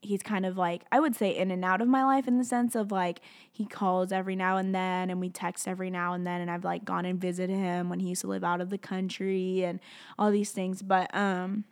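A young woman telling a personal story, halting and candid, with many fillers and restarts as she talks openly about her feelings. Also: lowish voice, little pitch movement. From outside the US.

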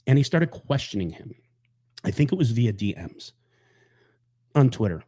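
A man's voice: medium pitch, big pitch swings, normal speed, pauses often, dark tone, breathy edge. A man hosting a show, telling a story in a blunt, angry, rambling way with heavy swearing. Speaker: podcast host. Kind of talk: casual monologue.

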